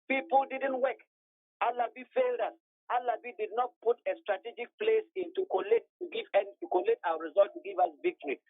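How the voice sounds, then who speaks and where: A man with a Ghanaian accent, speaking forcefully and defensively as a radio guest, mixing Twi and English. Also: extremely high pitch, vocal fry, dry recording. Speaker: party member guest. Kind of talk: radio phone interview. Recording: tinny phone line.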